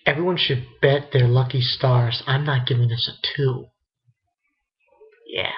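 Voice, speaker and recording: A man giving a casual, halting spoken review of a comic chapter, often restarting his sentences. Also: mid-range voice, fairly even intonation, muffled recording. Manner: rambling, halting commentary with restarts. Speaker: manga reviewer.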